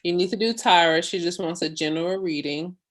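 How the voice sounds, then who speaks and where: A woman's voice: fairly low pitch, a little fast. A woman co-hosting a casual live stream, teasing and slangy, easygoing as she reads out names. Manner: teasing, slangy, laid-back. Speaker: stream co-host.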